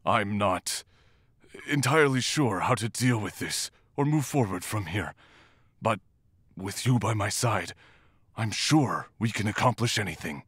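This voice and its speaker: A man voicing a gentle, tearful demon-hunting monk in a romantic character audio role-play, talking in a shy, halting, emotional way. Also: lowish voice, expressive, no echo, studio quality, heavily acted. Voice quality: soft, husky, slow and tender.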